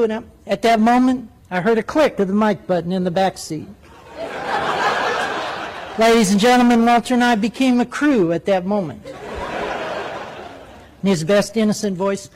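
A middle-aged man, a retired military pilot, telling a story with lively, acted-out radio voices. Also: high-pitched, moderate pace, slight background noise, poor audio. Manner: animated storyteller who acts out radio voices. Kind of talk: storytelling speech.

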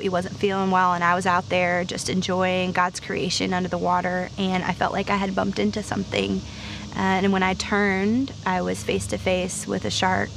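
A woman shares her own story in an earnest, faith-filled testimony. Her voice carries a gravelly fry and stays fairly level in pitch. Steady noise sits under the recording. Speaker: guest storyteller. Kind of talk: personal testimony. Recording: noisy recording.

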